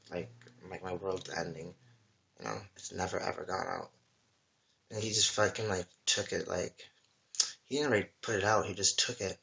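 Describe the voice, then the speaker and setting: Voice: low voice, creaky, a bit bright. A livestreamer in a casual, rambling monologue, emotional and full of swearing. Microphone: webcam or phone mic.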